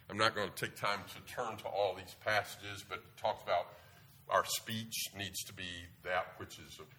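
A man preaching a sermon to a congregation in a lively, animated way, often jumping up in pitch to press a point. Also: slight background noise. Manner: lively, animated delivery with sudden jumps in pitch.

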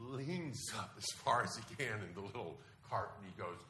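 A middle-aged man preaching a sermon, telling stories in an animated way with sudden loud bursts. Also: on the low side, fast talker, few pauses, a crowd in the background. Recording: echoey room.

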